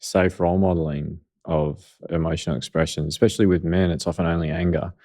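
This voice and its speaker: A middle-aged Australian man, a pediatrician appearing as a podcast guest, explains things earnestly and conversationally, using lots of fillers. His voice is low-pitched, a little mellow and level in tone, and he speaks a little fast.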